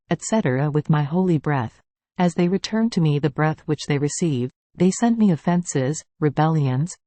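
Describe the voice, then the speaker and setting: Devotional reader, calm measured delivery, mid-pitched voice, dry close sound. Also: dry recording. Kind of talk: steady scripted reading aloud.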